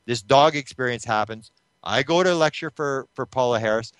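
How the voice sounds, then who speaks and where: A man of middle pitch recounts a story in an interview, close and dry with no room sound. He retells it animatedly, jumping into the voices of the people he quotes and restarting his phrases as he goes. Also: moderate pace, fairly bright tone, clean tone, no echo. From Canada. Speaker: interview guest, UFO researcher.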